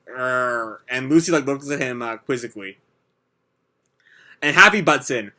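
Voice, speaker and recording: Bright-voiced man rambling through a manga. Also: mid-range voice, animated, a little slow, pauses often. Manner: rambling, heavy on "like" and "uh" fillers. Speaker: manga reaction video host. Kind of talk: reading a manga chapter aloud and commenting.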